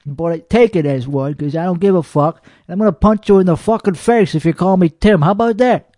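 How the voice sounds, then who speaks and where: A man's voice: sits high, fairly quick, mellow, dry recording, close to an everyday voice. A man playing a hot-headed, boastful comedian who hosts a podcast, ranting with heavy profanity and rambling, belligerent talk. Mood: angry ranting. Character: hot-headed, foul-mouthed, boastful male comedian host. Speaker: podcast host. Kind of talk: comedic character monologue.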